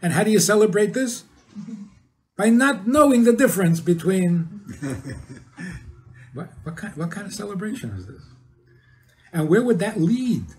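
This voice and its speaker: An older man, a rabbi, gives an informal talk to an audience in a high, sing-song voice, speaking a little slowly with long pauses. He often poses questions and chuckles at his own points.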